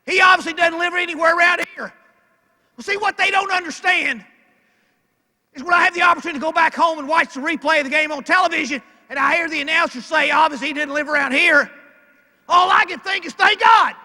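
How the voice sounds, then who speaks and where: High, bright-voiced older Southern man orating. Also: fairly even intonation, fast talker. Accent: Arkansas Southern. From Arkansas. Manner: emphatic, calling out lines loudly, folksy. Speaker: keynote speaker. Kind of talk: motivational banquet speech. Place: large banquet hall. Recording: echoey banquet hall with long reverb.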